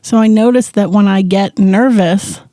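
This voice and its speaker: A woman's voice: mid-range voice, normal speed, dark tone, no echo. A middle-aged woman co-hosting a podcast in casual chat, rambling and self-deprecating. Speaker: podcast co-host.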